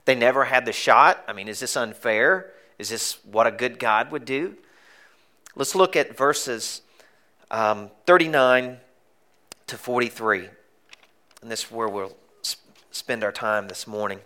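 Bright-voiced, joking male pastor. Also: mid-range voice, measured pace. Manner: conversational and joking, dropping to a hushed intensity. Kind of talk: sermon.

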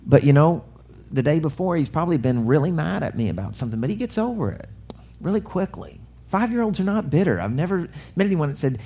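Male pastor, young adult, husky voice, animated joking sermon delivery. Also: fairly high pitch, fast. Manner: lively, joking preacher acting out quotes.

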